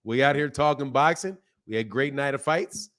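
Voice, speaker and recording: With a medium-pitched voice and moderate pace, the man hosts a live boxing stream. He keeps things casual, animated and talkative, calling out the names of people in the chat.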